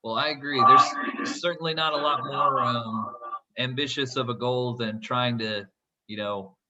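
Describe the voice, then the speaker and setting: A man's voice: mid-range voice, steady tone, a little slow, dull audio, heavy background noise. A man hosting a podcast, chatting casually about economics in a friendly way with frequent restarts. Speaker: podcast host.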